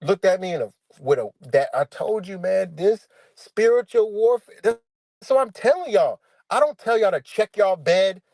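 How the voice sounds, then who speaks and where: Man, middle-aged, profane livestream rant, animated swings in pitch, dry close sound. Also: moderate pace, gravelly, dry recording. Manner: animated, swearing, addresses viewers as y'all.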